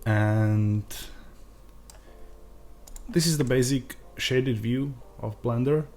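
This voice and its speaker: A man with an Eastern European accent giving a screen-recorded software tutorial, pausing often with uh and um. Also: medium pitch, slight background noise. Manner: hesitant, frequent uh and um fillers.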